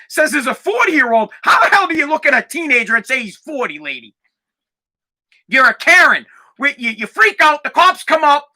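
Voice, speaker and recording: A man hosting a podcast, delivering a heated, profane rant that sometimes rises to shouting. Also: extremely high pitch. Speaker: podcast host. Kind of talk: ranting podcast monologue.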